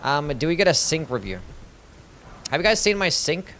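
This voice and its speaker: A man's voice: fairly high pitch, sing-song, moderate pace, pushed and bright, a little hiss or hum. A young man chatting casually as he streams a game, swearing freely and reading his chat aloud. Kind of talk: casual livestream commentary.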